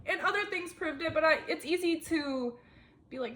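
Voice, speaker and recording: Here a young vlogger in her twenties talks to camera in a loose, confessional way, candid and chatty, leaning on "like" and other fillers. She speaks at normal speed with a high, slightly bright voice.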